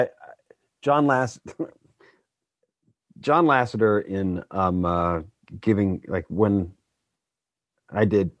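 A man's voice: sits low, no room sound. A man in his fifties, a guest actor chatting casually on a podcast, rambling with self-deprecating asides. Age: 50s.

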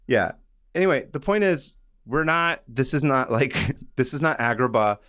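A man's voice: mid-range voice, lively intonation, moderate pace, fairly bright tone, dry recording, clean studio sound. A young man hosting a casual podcast chat, telling a story in a rambling way with frequent laughs and jokey asides. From Iran. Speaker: podcast host.

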